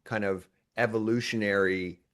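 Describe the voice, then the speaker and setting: A man hosting a podcast in a casual, conversational interview. He is animated and often laughs. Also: lowish voice, moderate pace, clean tone. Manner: animated, playfully acts out imagined dialogue; frequent restarts and laughter. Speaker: podcast host.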